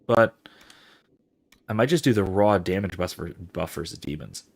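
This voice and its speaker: A man's voice: deep voice, lively intonation, moderate pace, gravelly. A man casually commenting while playing a fantasy game, reading viewer messages aloud and musing over skill choices. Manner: chatty, reads chat aloud, muses over skills. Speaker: game streamer.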